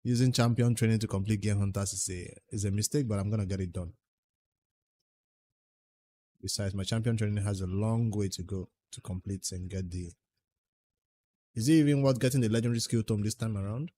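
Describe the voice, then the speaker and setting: A man's voice: lowish voice, a little fast, pauses often, warm tone. A man with a Nigerian accent livestreaming a game, chatting casually, answering viewers' questions and muttering about his progress. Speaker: game streamer.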